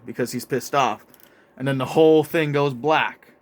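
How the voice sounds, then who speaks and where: A young man casually narrating a made-up wrestling storyline in an excitable, profane play-by-play manner. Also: mid-range voice, normal speed. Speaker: show host narrating a toy wrestling storyline.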